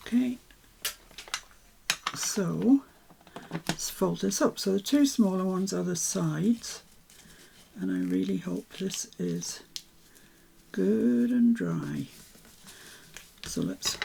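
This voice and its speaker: Slow, gravelly-voiced woman crafting. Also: mid-range voice, background noise. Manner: chatty, self-talking while working, soft asides. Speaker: papercraft vlogger. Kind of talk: casual crafting commentary.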